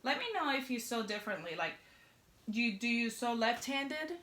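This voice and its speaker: Woman, young adult, sewing instructor, casual tutorial, chatty and jokey, bright tone. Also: a little high, expressive, normal speed, slight background noise. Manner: chatty, jokey asides to viewers while working.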